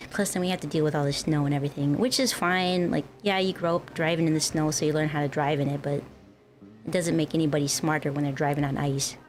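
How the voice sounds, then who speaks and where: A woman's voice: sits low, fairly even intonation, quick pace. A young woman from the northern United States, chatting casually with her stream viewers in a rambling, giggly way. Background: faint music.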